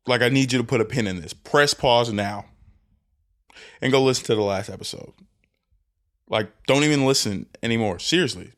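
A young man hosting a solo podcast rant, animated and self-interrupting, swinging between loud bursts and hushed asides. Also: fairly low pitch, normal speed. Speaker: podcast host. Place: indoors, lying down recording at home.

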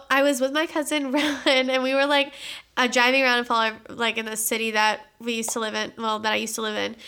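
A young woman chatting casually with a friend on a podcast, her voice bright and edged with vocal fry. She rambles through stories, leaning on "like" and "literally" at every turn. Her pitch sits a touch high. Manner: chatty storyteller, fillers like "like" and "literally".

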